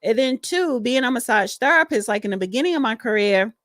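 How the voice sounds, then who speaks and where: A woman from East Orange, New Jersey, co-hosts a casual livestream from home, her fairly high, fairly bright voice expressive and fairly quick. Chatty and frank, she reads the chat and calls listeners honey. The recording is dry and studio-clean.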